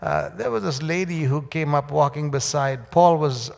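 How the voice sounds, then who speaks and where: A man speaks as a guest preacher to a church congregation. His voice sits a little high and has a gravelly edge. He rambles, pausing on fillers and restarting his sentences, and the sound carries the long reverb of a church hall. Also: darkish tone. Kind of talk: church sermon. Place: church sanctuary.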